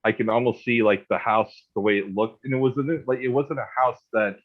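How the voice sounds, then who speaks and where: A man's voice: medium pitch, fairly even intonation, moderate pace, narrow, tinny audio. A man in his thirties telling a personal ghost story in a loose, rambling way, full of restarts and "like". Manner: rambling, repeats words and restarts, says "like" a lot. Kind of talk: casual storytelling.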